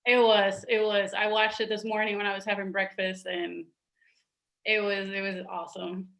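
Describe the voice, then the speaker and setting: A woman's voice: medium pitch, little pitch movement, normal speed, creaky, fairly bright tone. A woman joining a casual chat as a guest, speaking enthusiastically.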